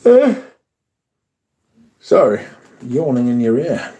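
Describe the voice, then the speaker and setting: A man's voice: mid-range voice, very animated, takes it slowly, dark tone. A man casually chatting on a live stream, reading viewer comments aloud and swearing freely.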